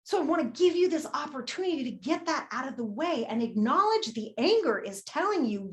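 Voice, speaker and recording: Brisk and with few pauses, this woman speaks in a high, sing-song voice while leading a money-mindset workshop. Her motivational talk is candid and emphatic, sprinkled with casual swearing and a prompting question she asks again and again.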